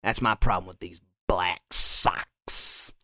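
Parody Southern bigot drawl, put on by a man. Slow, low, savoring words. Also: fairly even intonation, pushed and bright, dry recording, clean studio sound, full character voice. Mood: sinister drawl. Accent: American Southern, put on. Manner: slow, savoring every word.

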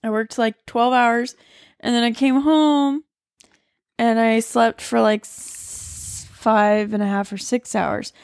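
Chatty higher-voiced woman, dry close sound. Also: fairly even intonation, takes it slowly, no echo. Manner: chatty, rambling, lots of "like" fillers. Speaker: podcast co-host. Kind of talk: casual podcast chat. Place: home, lying on the floor.

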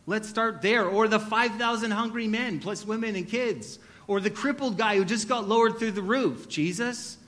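A man preaching a sermon, earnest, often dropping to soft, hushed tones. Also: high-pitched. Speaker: pastor.

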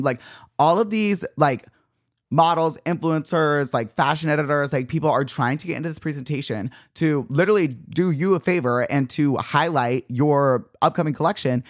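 A young man hosting a solo podcast, telling a story in a dramatic, exasperated rant with sudden jumps in pitch. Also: moderate pace, no echo, clean studio sound. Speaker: podcast host.

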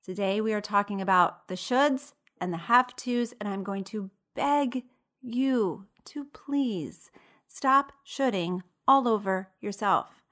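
A woman hosting a casual solo podcast as a coach, talking in an animated, playful way and acting out inner voices. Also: mid-range voice, takes it slowly. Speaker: ADHD coach and podcast host.

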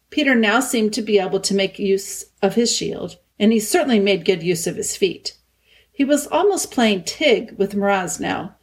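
Calm woman reading a storybook aloud. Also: medium pitch. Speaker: audiobook reader. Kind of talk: audiobook narration.

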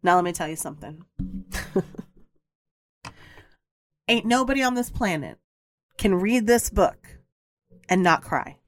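A woman's voice: medium pitch, animated, measured pace, pauses often, dry recording, studio quality, soft background music. A woman hosting a podcast, telling a personal story in a candid, emphatic way, repeating her points and sometimes swearing. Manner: blunt, occasionally swears. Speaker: podcast host.

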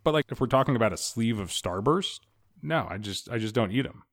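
A man's voice: mid-range voice, animated, fairly quick, fairly bright tone. A man in his thirties co-hosting a casual podcast, talking with dry, wry humor. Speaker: podcast co-host.

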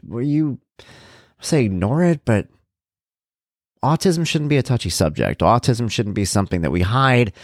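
A man telling personal stories about his family in a casual, animated way, acting out the voices of people he quotes. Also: mid-range voice, no echo, clean studio sound. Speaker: father sharing personal stories.

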